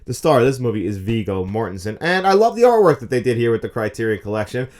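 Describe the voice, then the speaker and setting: A man in his thirties talks quickly through a casual film review, eager and opinionated. His pitch sits in a middling range for a man, and the words tumble out at a brisk clip. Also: big pitch swings, darkish tone, slight background noise. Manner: fast, enthusiastic, opinionated talk.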